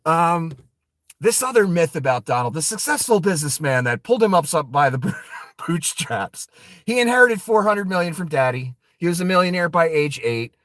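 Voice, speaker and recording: A man's voice: fairly high pitch, animated, moderate pace, a bit bright, no echo. A man giving casual, profane political commentary, laughing often and throwing mocking asides to his viewers.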